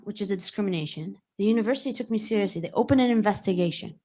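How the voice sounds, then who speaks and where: A young adult woman giving a conversational talk to an audience at a community center, telling a personal story and often asking the listeners questions. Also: mid-range voice. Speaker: guest speaker. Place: community hall.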